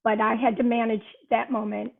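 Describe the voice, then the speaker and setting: Older female guest, earnest storyteller, higher voice, phone-quality audio. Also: level tone, brisk, vocal fry. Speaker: guest author. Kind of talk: podcast conversation. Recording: tinny phone-line sound.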